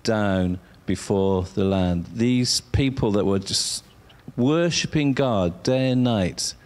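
A man preaching a sermon, drawing words out for emphasis and sometimes dropping to a soft whisper. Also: on the low side, clean tone. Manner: slow, drawn-out emphasis, dropping to a whisper at times.

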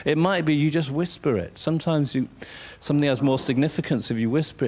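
A man preaching a sermon, drawing words out for emphasis and sometimes dropping to a soft whisper. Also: fairly high pitch, slight background noise. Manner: slow, drawn-out emphasis, dropping to a whisper at times.

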